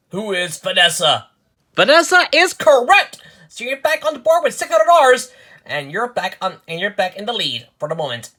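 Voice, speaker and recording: Homemade quiz host: bright, sharp tone, chirpy game-show patter with small restarts. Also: mid-range voice. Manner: upbeat quiz-host patter, frequent restarts and repeated words. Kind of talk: hosting a homemade quiz show, voicing the contestants too.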